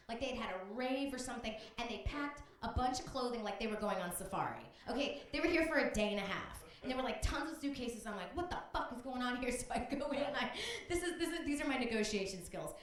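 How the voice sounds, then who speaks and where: A woman's voice: on the high side, lively intonation, brisk, few pauses, heavy reverb. A woman comedian doing a brash, profane stand-up set on a comedy club stage.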